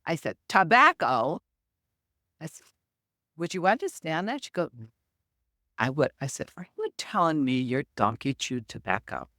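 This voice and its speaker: A woman's voice: low-pitched, moderate pace, no room sound, studio quality. A middle-aged woman, a medium and podcast guest, telling anecdotes in an interview and acting out the quoted dialogue. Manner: animated, acts out quoted dialogue.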